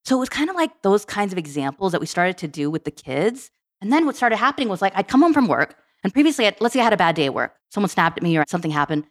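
A woman guest on a podcast, telling stories in a casual, animated way and acting out bits of dialogue. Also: medium pitch. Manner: animated, quick, acts out dialogue. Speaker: podcast guest, tech program director. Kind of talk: casual storytelling.

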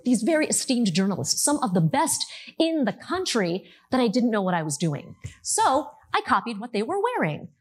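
A woman in her thirties from the United States giving a talk to an audience, telling her story in a lively, animated way. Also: a little high, slightly rough.

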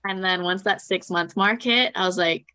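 A young woman with a slightly low voice tells her story as a guest in a relaxed interview. She is chatty and animated, slipping into quoted voices and laughing along the way. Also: normal speed.

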